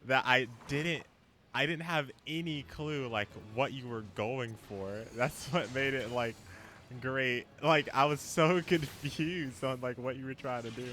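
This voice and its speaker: A man's voice: mid-range voice, measured pace, pushed and bright. Laughing, chatty male game streamer. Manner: laughs often, chatty, talks to chat. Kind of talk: casual live-stream chat.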